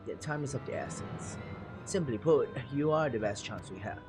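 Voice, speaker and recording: A man's voice: mid-range voice, expressive, normal speed, natural voice. A man voicing a stern resistance commander from a game, reading formal, commanding lines aloud with game music behind. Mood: grave.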